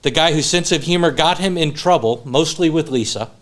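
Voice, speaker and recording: With a fairly high, fairly bright voice and a fairly brisk delivery, a man eulogizes his friend at a funeral home memorial. His anecdotes start out funny and give way to sincere words of tribute.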